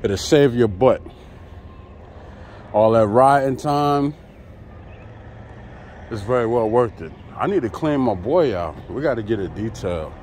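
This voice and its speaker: A man's voice: medium pitch, animated, unhurried, long pauses, darkish tone. Laid-back guy vlogging by his truck, takes his time, voice jumps all over, some faint traffic behind. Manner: laid-back, chatty, talks straight to viewers. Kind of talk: casual vlog talk to camera. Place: outdoors by a truck at a loading site.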